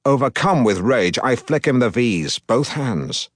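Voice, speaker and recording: A man reading an audiobook as a pompous, self-regarding middle-aged broadcaster, in a deadpan, self-important manner. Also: mid-range voice, a little slow, no room sound, studio quality. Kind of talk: audiobook narration.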